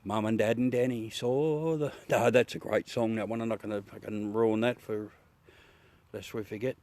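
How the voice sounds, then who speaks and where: A man's voice: lowish voice, fairly even intonation, normal speed, darkish tone, no echo. An Australian man hosting a casual live chat with viewers from his backyard at night, swearing freely and laughing often. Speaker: livestream host.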